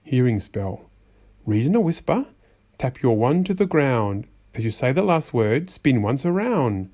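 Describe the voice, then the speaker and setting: A man reading a rhyming storybook aloud, giving slow, measured spell instructions. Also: mid-range voice, very animated, mellow. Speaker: storybook reader.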